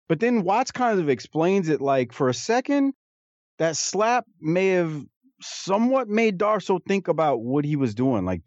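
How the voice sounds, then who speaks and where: A man's voice: a little high, big pitch swings, moderate pace, a little mellow, no room sound. Man, podcast co-host, casual chat, amused, rambling, dry, slightly muffled. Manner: rambling, amused, with frequent restarts.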